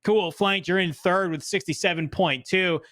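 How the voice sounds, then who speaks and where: A woman casting a live esports broadcast, chatty and animated, often laughing as she breaks down the standings. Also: fairly low pitch, normal speed, no echo. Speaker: esports caster.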